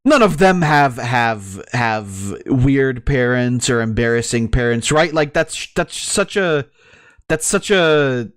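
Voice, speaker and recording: A male streamer ranting through reaction commentary, swearing freely and breaking into laughter. His pitch swings widely, and the sound is dry with no room echo. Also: expressive, slow, smooth. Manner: profane, ranting, laughs often.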